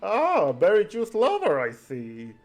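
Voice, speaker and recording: A man voices a cocky little gnome in a tabletop game. He chatters on in a higher, bouncy voice, bragging and friendly. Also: wildly swooping pitch, takes it slowly, darkish tone, faint music behind, full character voice. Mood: chatty. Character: cocky cheerful male gnome, berry juice fan.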